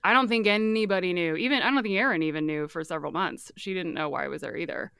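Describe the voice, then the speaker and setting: A woman with a light Southern accent, a guest telling her story in a candid, animated, casual way. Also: lowish voice, quick pace, clear, resonant tone, no echo. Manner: candid, animated, swears freely.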